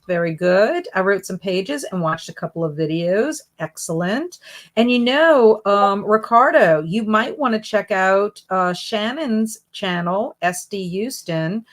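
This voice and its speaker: A woman in the middle of her usual range hosts a relaxed reading livestream. She chats along and reads viewer comments aloud. Her pitch leaps up brightly each time she greets someone. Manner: friendly, jumps up bright on greetings. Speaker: booktube livestream host.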